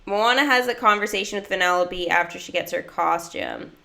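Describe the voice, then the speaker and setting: A woman's voice: fairly low pitch, a little fast, gravelly, sharp tone. Chatty, giggly woman livestreaming a game. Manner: chatty, giggly, reads chat aloud. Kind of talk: casual livestream chat.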